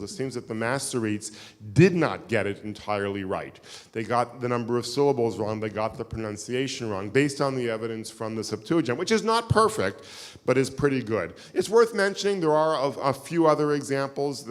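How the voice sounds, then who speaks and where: Male lecturer, chatty self-deprecating storyteller, live in a reverberant hall. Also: mid-range voice. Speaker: keynote lecturer. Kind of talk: live lecture with audience questions. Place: synagogue hall.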